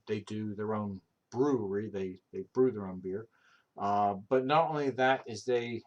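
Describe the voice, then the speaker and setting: Man, thirties, rambling, casual, foul-mouthed, mid-pitched voice. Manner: rambling, filler-heavy, profane storytelling. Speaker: streamer. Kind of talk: casual chat.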